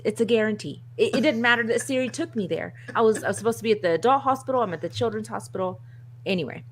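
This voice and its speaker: A woman co-hosting a casual chat show, telling a story in an animated, self-mocking way and laughing often. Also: medium pitch, a little hiss or hum. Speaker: co-host.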